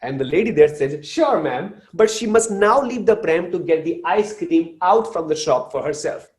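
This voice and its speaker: Animated motivational speaker, man. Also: fairly high pitch, moderate pace. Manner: animated, addresses the audience directly. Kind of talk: live motivational talk.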